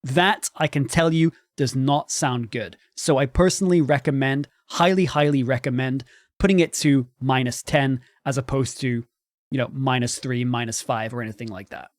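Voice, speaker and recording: A man hosting a tutorial on microphone quality for live streaming, explaining clearly and demonstrating his voice at different volumes. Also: medium pitch, moderate pace, no room sound, clean studio sound. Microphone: studio microphone with processing.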